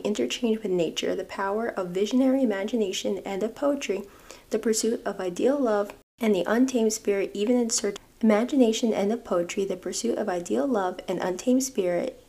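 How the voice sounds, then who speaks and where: A woman's voice: medium pitch, creaky, darkish tone. A young woman hosting a podcast, chatty and enthusiastic as she talks about literature. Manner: chatty and enthusiastic, with laughs and fillers. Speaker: podcast host. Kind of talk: casual podcast talk.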